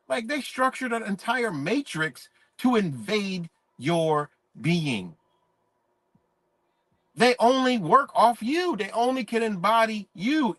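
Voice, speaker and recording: In a live-stream monologue, a man holds forth in a preachy, emphatic way and swears freely. His voice is a little high for a man. The sound is dry, close and a bit bright, with no echo.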